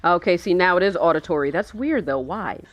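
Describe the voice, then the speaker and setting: A woman's voice: lowish voice, expressive, a little fast, no echo, muffled recording. A woman giving casual live commentary while watching a film from her chair, chatty and sarcastic, swearing and laughing a lot. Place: indoors, seated in a chair.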